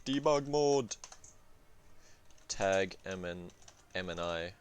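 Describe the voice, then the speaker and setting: A man's voice: sits low, animated, takes it slowly, a little hiss or hum. A man casually reviewing a strategy game campaign, rambling and swearing, with lots of fillers and restarts. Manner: rambling, profane, full of fillers and self-corrections.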